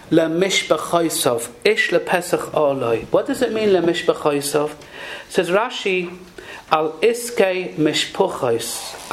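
Man, Torah sermon, sing-song teaching cadence, very animated pitch, rhetorical questions, slight background hiss. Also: low-quality recording. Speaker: rabbi giving a Torah talk.

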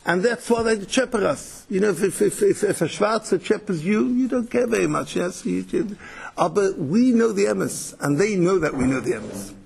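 A man's voice: high-pitched, expressive, normal speed, vocal fry, a little mellow, husky. A man giving a Torah lecture, mixing Yiddish and Hebrew terms, often repeating words and restarting. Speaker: Torah teacher.

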